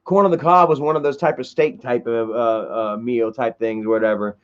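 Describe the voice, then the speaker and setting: A man's voice: medium pitch, fairly even intonation, normal speed. A young man telling a rambling, profane family story on a livestream, laughing as he goes. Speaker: livestream host. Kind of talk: casual storytelling. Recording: dull lo-fi stream audio.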